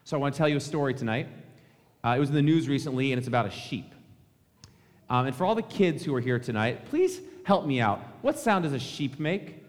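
A male pastor gives a Christmas Eve sermon, telling a relaxed story and speaking to the children. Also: medium pitch, a little fast. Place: church sanctuary. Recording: long church reverb.

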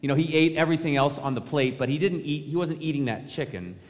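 A man with a voice on the high side preaches fast as pastor, keeping it conversational and firing rhetorical questions at the congregation. The sermon is recorded in a church sanctuary with long reverb.

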